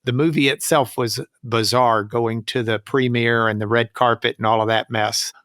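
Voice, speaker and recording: Guest attorney: a man with a bright, forceful voice, dry close sound, animated storyteller. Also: medium pitch, moderate pace, clear, resonant tone, no room sound. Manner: animated, folksy, acts out quoted voices. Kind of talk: anecdotal storytelling.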